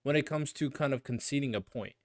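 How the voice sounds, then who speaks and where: A man's voice: medium pitch, fast talker, no echo, clean studio sound. A man hosting a reaction podcast, giving blunt, casual commentary on a debate clip. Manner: blunt, animated asides.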